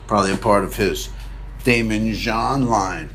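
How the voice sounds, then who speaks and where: A man's voice: on the low side, measured pace, fairly bright tone, slight background noise. A man hosting a podcast, telling a meandering comic story in a chatty way and acting out other people's lines. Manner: chatty, meandering, acts out quoted voices. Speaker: podcast host. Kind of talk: rambling comic monologue.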